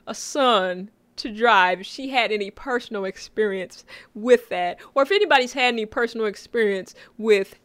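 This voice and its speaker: A woman's voice: on the high side, normal speed, hardly any pauses, fairly bright tone, no room sound. A woman co-hosting a casual chat, talking easily, laughing often and reading out comments from the chat. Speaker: co-host of a sitcom recap stream. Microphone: own mic.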